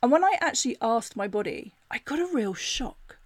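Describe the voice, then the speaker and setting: A middle-aged woman, hosting a personal storytelling podcast in a chatty, animated way, full of "like" fillers. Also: on the high side, normal speed, breathy edge, dry recording. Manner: animated retelling with laughs. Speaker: podcast host.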